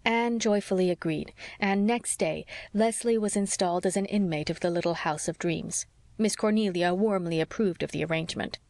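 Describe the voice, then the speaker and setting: A woman narrating a classic novel as an audiobook in a measured storytelling manner. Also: on the low side, darkish tone, dry recording. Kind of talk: scripted narration.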